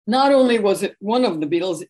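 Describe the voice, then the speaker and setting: A middle-aged woman, a book author and interview guest, telling lively anecdotes in a relaxed conversational way. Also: mid-range voice, brisk, a little hiss or hum. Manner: animated anecdotal storyteller, warm laughs.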